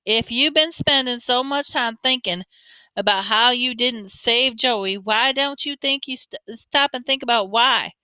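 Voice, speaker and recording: Woman doing a bossy slangy teen brother, bright and crisp, dry close sound. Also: a little high, unhurried, no room sound, pitched above the performer's own voice. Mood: scolding. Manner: slangy, scolding, street talk. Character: tough teenage boy, older brother, blunt and bossy.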